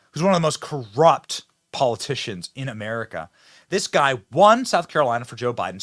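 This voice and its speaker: A man's voice: high voice, fairly bright tone, no room sound, clean studio sound. A man hosting a mocking political commentary video, talking sarcastically and laughing at the clips he shows.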